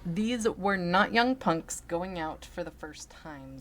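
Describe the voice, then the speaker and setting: A woman reading a story aloud in a deliberate, dramatic way, now and then muttering asides. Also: fairly low pitch, lively intonation, faint music behind. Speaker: story reader.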